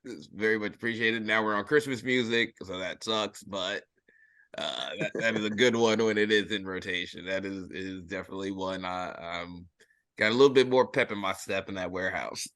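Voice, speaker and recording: Male podcast host, bright forceful voice, dry close sound, jokey and loose. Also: fairly low pitch, moderate pace, no room sound. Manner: jokey, laughs often, trails off quietly. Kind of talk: casual podcast chat.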